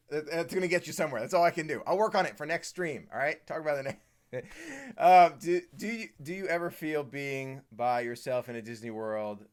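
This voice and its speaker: A man's voice: fairly high pitch, a little fast. A man from the Washington, D.C. area hosting a live stream Q&A, chatty, reading viewer comments aloud and answering them. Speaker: host.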